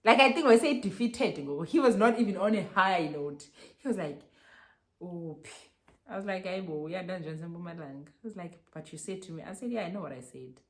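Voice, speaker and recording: Animated South African woman telling a story. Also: mid-range voice, a little fast, few pauses. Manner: animated, mixes English and Xhosa slang, laughs often. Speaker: vlogger. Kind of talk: casual storytelling.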